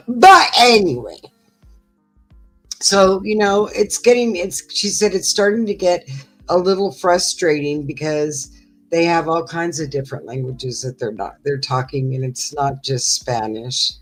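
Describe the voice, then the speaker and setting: Speaking a little slowly in a mid-range voice, a middle-aged woman co-hosts a livestream, telling rambling stories in relaxed chat peppered with fillers. Soft music sits in the background and the audio is poor.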